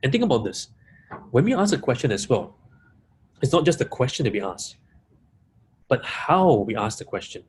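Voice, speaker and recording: A man's voice: mid-range voice, a little hiss or hum. A man giving a webinar talk to coaches, repeating key points and stressing single words. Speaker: coaching trainer. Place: live audience room.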